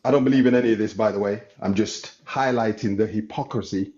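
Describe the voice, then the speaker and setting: A man in his thirties calling into a debate, explaining in a measured way. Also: fairly low pitch, steady tone, warm tone, highs cut off. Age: 30s. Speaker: caller.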